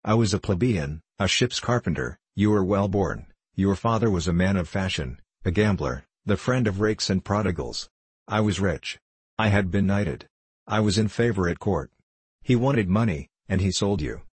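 A man's voice: low voice, lively intonation, normal speed, breathy edge, dry recording. A man voicing a furious, proud old knight who speaks harshly and with scorn. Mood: bitter fury.

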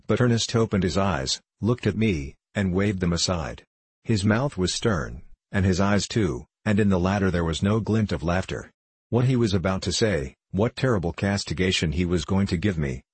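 A male audiobook narrator reading in a steady, measured way. His voice is very low with a husky grain. The recording is dry and close, with no room sound. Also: no room sound.

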